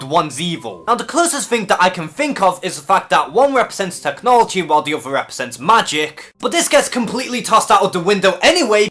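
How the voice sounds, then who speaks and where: Young Scouse male YouTube host, bright and forceful, blunt with plenty of swearing. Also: high-pitched. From England. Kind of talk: comment response commentary.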